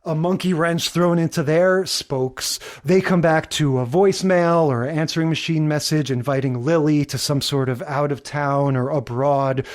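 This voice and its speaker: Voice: medium pitch, normal speed, few pauses, darkish tone. Podcast co-host, casual chat, opinionated, emphatic commentary. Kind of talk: casual chat analyzing episodes.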